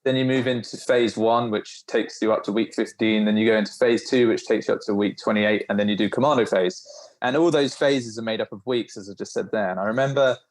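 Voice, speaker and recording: A man, a podcast guest, telling animated, informal stories from his own experience. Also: medium pitch. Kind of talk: storytelling in a podcast interview.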